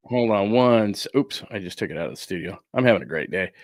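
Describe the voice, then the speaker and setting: A man hosting a sports talk show from a studio, talking casually and ranting with animated indignation. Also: lowish voice, quick pace, dry recording.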